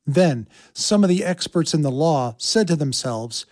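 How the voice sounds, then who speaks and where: A man reads scripture in a steady, plain way. His voice sits fairly high but sounds mellow and dark. The sound is dry and close. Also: measured pace, no room sound. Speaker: scripture reader. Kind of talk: scripture reading.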